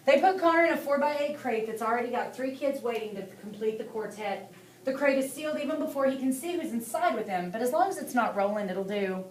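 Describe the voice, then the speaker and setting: Brief: female audiobook narrator, steady dramatic reading, echoey room. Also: on the high side, a little fast. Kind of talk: scripted narration. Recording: echoey room, distant mic, faint hiss.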